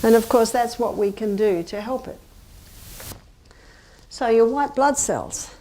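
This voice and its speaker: A woman's voice: on the high side, measured pace, mellow, slight background noise. A middle-aged woman giving a chatty, anecdotal health lecture to a live audience and asking them questions. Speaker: health presenter.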